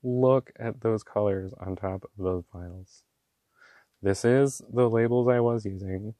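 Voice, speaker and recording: A man chatting casually while swatching inks, gushing and excitable, with slangy talk and lots of fillers. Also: lowish voice, a little slow, no echo. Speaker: ink swatching vlogger.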